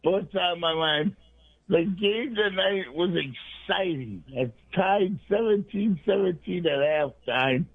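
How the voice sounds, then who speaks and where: A man's voice: sits high, takes it slowly, vocal fry, husky, no echo. A man calling in to a radio show from Minnesota, talking in a goofy, rambling, jokey way. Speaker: caller. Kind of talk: rambling call-in chat. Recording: tinny phone line.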